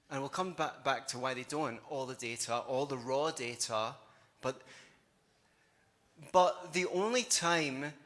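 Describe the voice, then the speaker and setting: A man's voice: on the high side, bright, forceful tone. A man giving a live conference talk, conversational and wry, with sarcastic asides. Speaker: conference speaker. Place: conference hall. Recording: long hall reverb.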